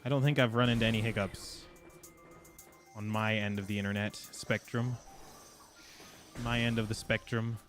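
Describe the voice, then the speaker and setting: A man's voice: lowish voice, fairly even intonation, moderate pace, pauses often, a bit bright, soft background music. A man chatting casually with his viewers while he streams a game. He rambles and laughs often. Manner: talks to chat while playing. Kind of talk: casual live gameplay chat.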